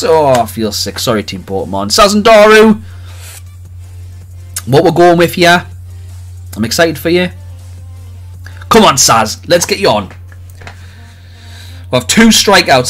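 Livestream host, man, higher voice, very animated delivery, faint background music. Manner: excitable, jokey, rapid swings between loud cheers and quiet mutters. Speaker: livestream host opening trading cards. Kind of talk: lively live-stream chat with viewers.

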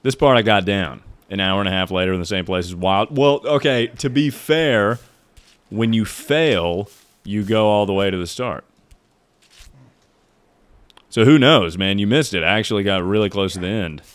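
Young man, deep voice, live game streamer, casual chatter, swearing, frustrated outbursts. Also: brisk, no room sound. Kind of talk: casual live gameplay commentary.

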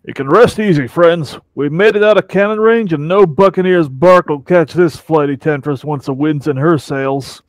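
A man voicing a worldly, rough-talking male seafaring adventurer with a folksy put-on drawl, reading game dialogue. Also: a little high, moderate pace, few pauses, no echo, natural voice.

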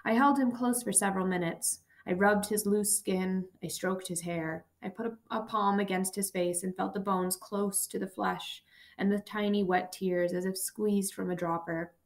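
A woman narrating a first-person memoir audiobook in a measured, quiet and somber reading. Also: mid-range voice, steady tone.

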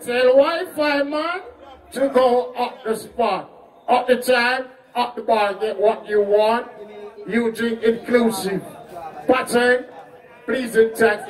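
A Jamaican man working as the MC of a live stage show, calling shout-outs to the crowd. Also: very high voice, fairly even intonation, a little slow, recorded from a distance, poor audio. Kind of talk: live MC hype talk.

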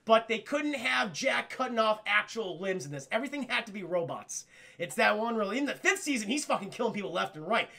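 A man's voice: high-pitched, sing-song, fairly quick, gravelly, bright, forceful tone. A man giving a casual live-stream cartoon review, rambling, swearing and acting out scenes for chat. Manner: profane, rambling, talks to chat; acts out scenes in voices.

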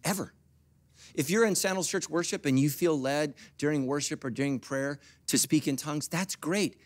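A middle-aged man preaching a sermon as pastor, jumping between quiet asides and loud animated peaks, with humorous asides to the congregation. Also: a little high, moderate pace. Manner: animated preaching with big swings from soft to loud.

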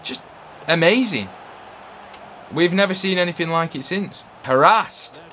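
An English man chatting casually while playing a football video game, yelling player names and cracking jokes. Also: high voice, measured pace. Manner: excitable, yells player names, chatty banter. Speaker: gaming video host.

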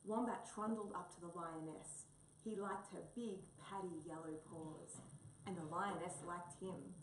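A woman reading a children's story aloud in a steady way, recorded in a roomy space from a distance. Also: fairly low pitch, measured pace, background noise. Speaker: reader. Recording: roomy, distant mic, faint ambience.

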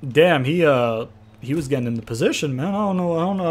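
A young man giving casual, profane let's-play commentary, trash-talking and excitable as he plays a wrestling game. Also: a little high, fast. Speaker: gaming commentator.

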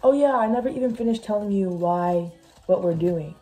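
A young woman vlogger, speaking a little fast at medium pitch, chats loosely while cooking in her home kitchen. She's scattered and says "like" a lot. Background music runs under her voice, and the background is noisy.

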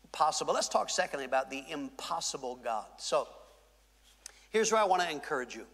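A man pastor preaching a sermon, with dramatic pauses and acted-out quotes. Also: sits high, a bit bright. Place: large church hall. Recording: reverberant church hall.

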